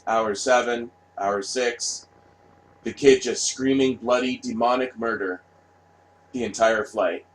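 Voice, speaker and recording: A man's voice: medium pitch, steady tone, slow pace, rough recording. A man ranting bluntly in a solo monologue. He swears freely, repeats himself and keeps asking "right?". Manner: profane, blunt, repetitive, asks "right?" often. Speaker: vlogger.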